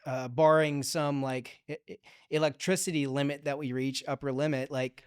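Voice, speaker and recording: A man with a smooth, resonant voice speaks as a guest on a casual podcast. He thinks aloud in long, upbeat runs, full of fillers and restarts, and the sound is close and dry. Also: mid-range voice, fairly even intonation, moderate pace, no echo. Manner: upbeat and forward-looking. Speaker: podcast guest, digital strategy manager.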